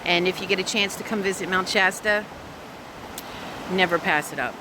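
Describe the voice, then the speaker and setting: A woman's voice: lowish voice, moderate pace, background noise. A woman vlogging casually on a trip, rambling and joking as she talks to a phone camera. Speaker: travel vlogger. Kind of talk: casual travel vlog. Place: in a car.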